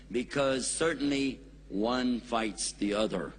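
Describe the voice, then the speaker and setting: A man's voice: medium pitch, lively intonation, a little slow, a bit bright. American man, folksy preacher, public lecture, faint hum behind. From United States. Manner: folksy, joking, emphatic. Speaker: Islamic preacher. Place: lecture hall in India.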